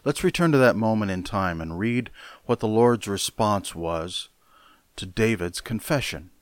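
A male pastor delivers his sermon slowly and deliberately, leaning hard on key words. His voice sits low, and the sound is dry and close with no room around it. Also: lively intonation, dry recording. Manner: deliberate, emphatic preaching.

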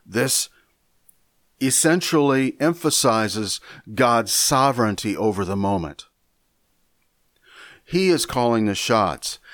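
A man teaching a Bible lesson in a measured, deliberate way, often repeating a word as he thinks. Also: mid-range voice, lively intonation, a bit bright, no echo, studio quality. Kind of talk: sermon lesson.

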